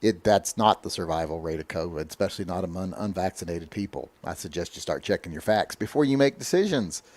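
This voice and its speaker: A man's voice: low voice, lively intonation, a little fast, few pauses, a little mellow, no echo. A man hosting a casual livestream chat, answering viewer comments in a blunt, opinionated, lecturing way. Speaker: livestream host.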